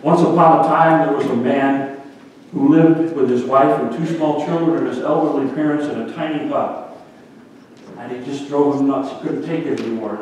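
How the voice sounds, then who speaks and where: A man with a fairly high voice preaches a sermon, turning to his listeners now and then with direct questions. His voice rings through a long, echoing hall, and he sounds set back from the microphone. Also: moderate pace, darkish tone, recorded from a distance, a little hiss or hum. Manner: storytelling preacher, addresses congregation directly. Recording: echoey hall, speaker off the mic.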